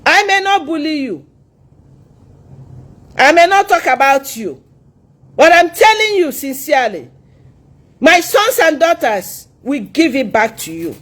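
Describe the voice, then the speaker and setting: A woman with a Nigerian accent, hosting a live religious stream, talking in an animated, scolding, preacher-like way. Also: sits high, measured pace, pauses often. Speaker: religious livestreamer. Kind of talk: live social media talk.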